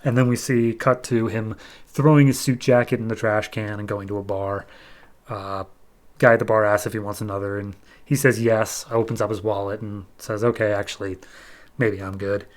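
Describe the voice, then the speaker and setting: Speaking at normal speed in a low-leaning voice with little pitch movement, a man on his podcast retells a comic book issue. The recap is chatty and relaxed, full of "he's like."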